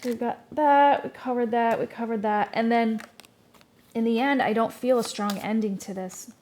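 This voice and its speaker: A woman's voice: fairly high pitch, normal speed, darkish tone. A woman giving a tarot reading in a casual, rambling way, full of fillers, restarts and trailing thoughts. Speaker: tarot reader.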